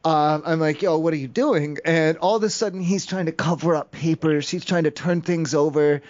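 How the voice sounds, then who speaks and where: Prank caller, male, fairly high voice, rambling and meandering, muffled lo-fi phone audio. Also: steady tone, normal speed, a little mellow. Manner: rambling, meandering storytelling with many fillers.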